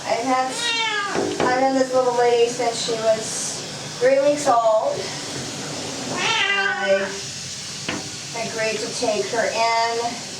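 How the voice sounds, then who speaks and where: Slow-talking woman in an echoey bathroom. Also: on the high side, very noisy. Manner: chatty, talks soothingly to her cats. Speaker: cat owner bathing her cats. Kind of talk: casual vlog narration. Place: bathroom at home, tub area. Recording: echoey bathroom, mic at a distance, running water.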